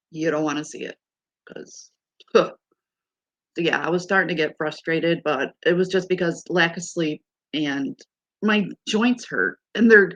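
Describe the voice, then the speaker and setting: A woman in her fifties chats to her viewers, telling stories in an exasperated, animated way. Her voice is gravelly and sits fairly low. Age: 50s. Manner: chatty, exasperated storytelling. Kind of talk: casual chat to a live audience.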